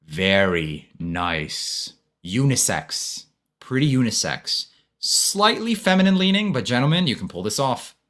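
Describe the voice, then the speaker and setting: A man's voice: medium pitch, sing-song, normal speed, fairly bright tone. A man hosting a casual live-stream fragrance review, laid-back and friendly, talking to his viewers as bro and brother.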